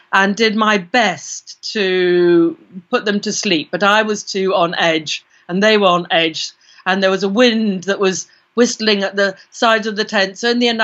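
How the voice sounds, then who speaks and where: A British woman tells a personal story as an interview guest. Her voice is bright and forceful, and she brings the tale to life by quoting her own thoughts. The sound is dull and lo-fi. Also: mid-range voice. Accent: British English. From Britain. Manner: vivid first-person storytelling with quoted inner voices. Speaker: guest, parapsychologist. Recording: dull lo-fi recording.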